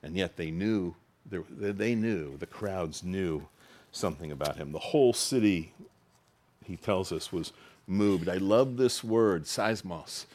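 Man, pastor, sermon, conversational asides, pitch climbing and falling. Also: a little slow. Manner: expressive preaching, voice rising high for quoted lines and dropping low for emphasis.

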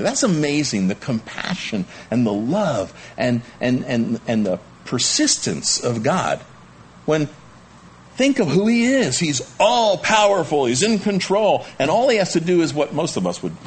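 A man preaching a sermon to a congregation, pleading and emphatic, with lively swings in his delivery. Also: normal speed, slight background noise. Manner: animated, pleading emphasis with wide pitch swings. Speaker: pastor. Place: church room with a congregation.

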